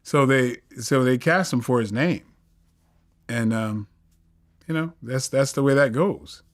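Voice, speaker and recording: A man's voice: mid-range voice, unhurried, no room sound, clean studio sound. A man appearing as an actor guest in a casual interview, playful and evasive, often restarting his sentences.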